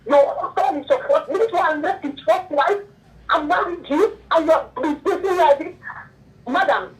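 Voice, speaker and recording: A woman's voice: very high-pitched, moderate pace, recorded from a distance, poor audio. Tearful, preachy woman caller. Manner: preachy, scolding, religious. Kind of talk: emotional phone-in call.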